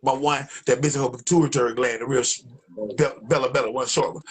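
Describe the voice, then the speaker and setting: A young man with an Atlanta, Georgia accent, telling a story in a casual, animated and profane way and acting out the other voices. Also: mid-range voice, fast talker, rough recording.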